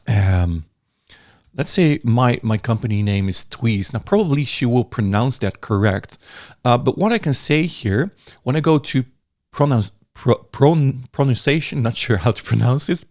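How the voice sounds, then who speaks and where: A man talks through a software tutorial in a relaxed, chatty way and sometimes restarts his words. His pitch sits in the middle. He is recorded dry at a desk mic. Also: no echo. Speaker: software reviewer. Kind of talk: casual screen-recorded tutorial.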